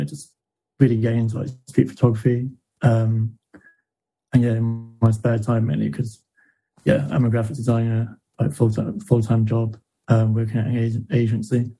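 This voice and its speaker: A Welsh man chatting as a podcast guest in a casual interview. He hesitates often and fills gaps with ums and likes. His voice is very dark, with a mid pitch. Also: flat delivery, normal speed, low-quality recording. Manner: hesitant, lots of fillers.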